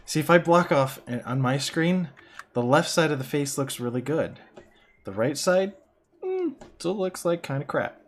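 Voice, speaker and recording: A man's voice: on the high side, big pitch swings, a little slow, slight background noise. A young man chatting casually while he draws on a stream, joking and picking at his own artwork. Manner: joking, self-critical about his art. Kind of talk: casual chat while drawing.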